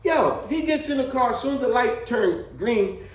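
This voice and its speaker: A man's voice: very high voice, normal speed. A middle-aged man telling a story casually, acting out the people in it. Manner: animated, acts out voices of people in his stories. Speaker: vlogger telling stories. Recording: echoey room.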